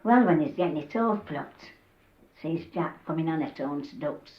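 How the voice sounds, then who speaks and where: Older woman, broad Yorkshire accent, comic dialect storytelling, lowish voice, roomy dull cassette sound. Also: moderate pace. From Yorkshire, England. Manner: lively, acts out the characters' voices. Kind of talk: telling humorous dialect tales.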